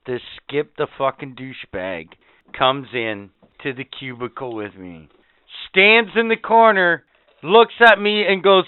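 A man's voice: high-pitched, animated, unhurried, smooth, no room sound. A man telling an indignant, profane story in casual podcast chat. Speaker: podcast co-host. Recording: tinny phone-like sound.

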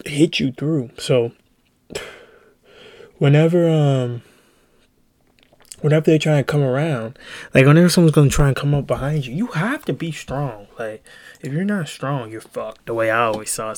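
A man's voice: medium pitch, no echo. A young man hosting a solo podcast, telling a heated story in a rambling, profane way. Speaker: podcast host. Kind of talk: casual solo podcast monologue.

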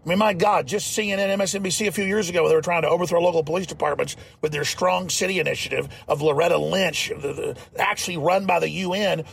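Man, talk show host, ranting commentary, very gravelly voice, slightly higher pitch. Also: steady tone, fast, few pauses, a bit bright, slight background noise. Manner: fiery, emphatic, mocking.

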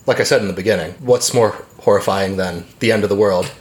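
A man's voice: on the low side, quick pace, darkish tone. A man who is a podcast guest, chatting casually and hesitantly with many fillers. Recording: roomy echo.

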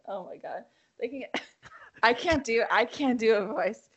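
A woman's voice: on the high side, expressive, slow pace, fairly bright tone, slightly rough. A young woman co-hosting a podcast in casual chat, giggly and playful. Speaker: podcast co-host.

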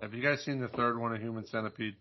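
A man's voice: mid-range voice, fairly even intonation, fast, slight background noise. A man co-hosting a movie podcast, reading horror news aloud in a casual joking way and tripping over words. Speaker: podcast co-host. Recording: dull lo-fi sound.

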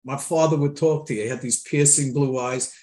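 A man's voice: medium pitch, fairly even intonation, a little fast, dark tone. An older man hosting an interview, telling family stories in a folksy, anecdotal way. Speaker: host. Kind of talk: casual interview talk.

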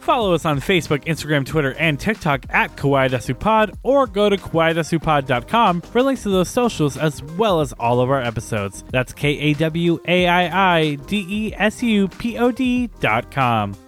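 A man's voice: on the high side, animated, moderate pace, few pauses, a bit bright, soft background music. A man hosting a casual podcast, talking in a rambling way with frequent laughs and fillers; Spanish is his first language. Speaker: podcast host.

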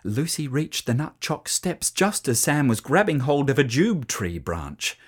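A storyteller reading a children's story aloud in an expressive, animated way. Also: medium pitch, measured pace, husky.

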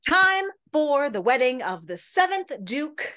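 A woman co-hosting a book club podcast, recapping the story in animated casual chat and acting out the characters' lines. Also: high-pitched, a little slow. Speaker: podcast co-host.

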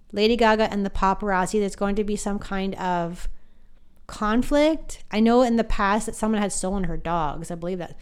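Smooth-voiced chatty woman podcaster. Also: medium pitch, darkish tone. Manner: chatty and rambling, with many fillers and asides. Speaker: podcast host, psychic medium. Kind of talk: casual podcast monologue.

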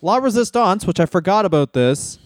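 A man co-hosting a comedy podcast in casual chat, swearing freely and correcting himself with quick jokey asides. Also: sits high, animated, no echo, studio quality. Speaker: podcast co-host.

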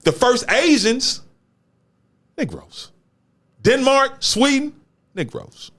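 Animated man talking with lively pitch. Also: slow pace. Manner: animated, emphatic, street slang, repeats words for stress. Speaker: show host. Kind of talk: casual chat.

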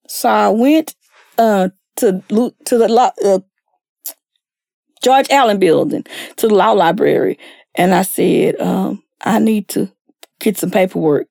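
A woman's voice: mid-range voice, expressive, a little slow, creaky, a little mellow, no room sound, studio quality. Earnest woman with a drawl. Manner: earnest, acts out quoted people with raised voice. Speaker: guest sharing her story. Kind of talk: emotional personal testimony.

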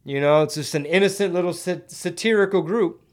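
Dude hosting a stream, slangy and rambly, kinda high voice. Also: male voice, fairly quick. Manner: laid-back slangy rambling, mixes in Spanish. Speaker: podcast host reading live chat. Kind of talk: casual livestream chat.

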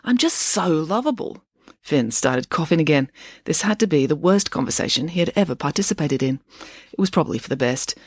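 A woman with a low voice narrates a storybook aloud, her delivery animated and full of swing. The sound is close and dry, with no room around it. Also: brisk, no room sound. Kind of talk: audiobook narration.

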